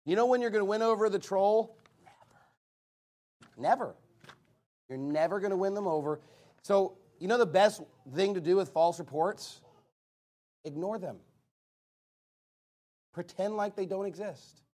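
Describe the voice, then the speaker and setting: A man's voice: sits high, normal speed, pauses often, a little mellow. A man preaching a sermon, emphatic and blunt, driving points home with rhetorical questions he answers himself.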